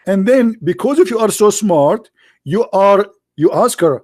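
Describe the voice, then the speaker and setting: A man's voice: sits high, animated, a little slow, a little mellow. A man hosting a livestream in sarcastic, mocking commentary, firing rhetorical questions in non-native English. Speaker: livestream host taking calls. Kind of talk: mocking religious debate commentary.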